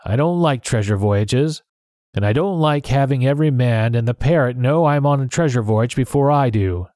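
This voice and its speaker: A stern ship's captain, read by a man in a storybook, speaking curtly and plainly. The voice sits at a middle pitch. The sound is dry and close. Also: moderate pace, dark tone, no room sound, close to an everyday voice. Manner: curt and plain-spoken. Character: stern, blunt male sea captain. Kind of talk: storybook reading.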